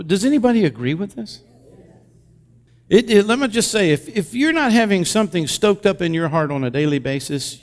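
A man preaching a sermon, swinging between loud, fervent exclamations and hushed, intimate passages as he reads and explains scripture. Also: fairly high pitch, in a large hall. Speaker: pastor.

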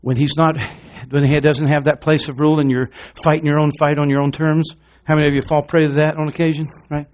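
Middle-aged guy preaching in church, a bit high voiced, keeps asking the crowd stuff, loud then quiet. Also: flat delivery, quick pace, hardly any pauses. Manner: calls out to congregation with questions; swings between loud rousing and low quiet delivery. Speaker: pastor. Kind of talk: sermon.

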